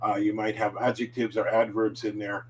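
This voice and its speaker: A man teaching a casual spoken lesson, patient and chatty, slowly drilling words for listeners to repeat, with frequent fillers and self-corrections. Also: lowish voice, little pitch movement, a little hiss or hum, poor audio. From United States. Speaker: language teacher.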